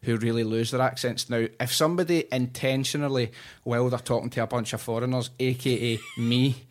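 A man's voice: mid-range voice, fairly even intonation, fast talker. A Scottish man hosting a casual podcast interview in a hotel room, chatty and joking, with the odd swear word. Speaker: podcast host.

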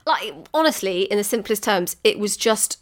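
A woman's voice: mid-range voice, animated, moderate pace. A woman co-hosting a podcast, explaining music history in a chatty way with frequent giggles and asides. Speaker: podcast co-host.

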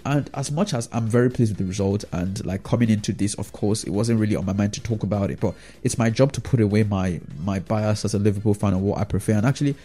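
A man's voice: lowish voice, fairly even intonation, fast talker, few pauses, dark tone. A man giving a casual, rambling opinion monologue about football as a fan vlogger, often checking in with the listener through tag questions.

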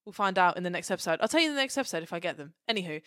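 Female podcast co-host, smooth clear voice, dry close mic, bubbly and sweary. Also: lowish voice, very fast, no echo. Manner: excitable, sweary, playful. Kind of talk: casual chat.

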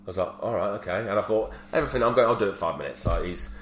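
Man, 30s, low voice, frank podcast storyteller, echoey room. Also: expressive, rapid-fire. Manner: candid storyteller, swears freely. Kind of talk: casual chat. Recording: roomy echo with faint hum.

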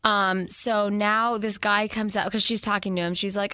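A woman co-hosts a casual movie-review podcast in an animated, profane way, often slipping into the voices of the characters. Her voice sits in a middle range and sounds close and dry, with no room around it. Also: mid-range voice, brisk, few pauses, smooth, no echo. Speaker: podcast co-host.

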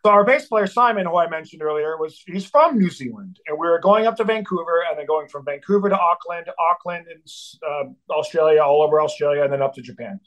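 Swearing, animated middle-aged man. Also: a little high, brisk, hardly any pauses, dull audio. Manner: swearing, acts out voices in quotes. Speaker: guest, band drummer. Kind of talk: animated storytelling.

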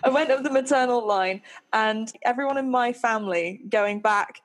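A woman's voice: a little high, normal speed. A woman from Nottingham with a posh southern English accent, a podcast co-host and stand-up comedian chatting casually, self-mocking and laughing often. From Nottingham, England. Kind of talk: casual chat.

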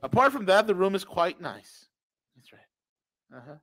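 A man's voice: high-pitched, sing-song, brisk, fairly bright tone. A man co-hosting a podcast, reading news aloud with sarcastic, mocking asides. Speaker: podcast co-host. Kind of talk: casual ranting commentary.

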